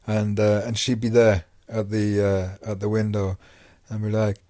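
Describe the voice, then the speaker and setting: A man's voice: lowish voice, level tone, a little slow, warm tone, no room sound, studio quality. A man hosting a podcast, talking casually about his time in prison, rambling with many fillers and restarts. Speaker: podcast host and former prisoner. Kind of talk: casual monologue.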